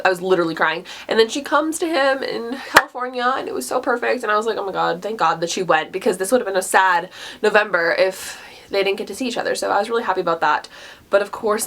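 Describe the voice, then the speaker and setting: A book reviewer in a casual book talk vlog, this woman speaks at a medium pitch with a fairly bright tone. She gushes with enthusiasm, sprinkles "like" through her talk, and often laughs mid-sentence.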